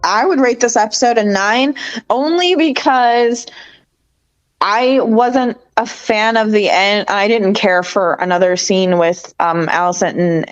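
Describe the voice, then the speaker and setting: A woman's voice: medium pitch, muffled recording. A woman co-hosting a casual TV review podcast, talking as an eager, opinionated fan. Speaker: podcast co-host.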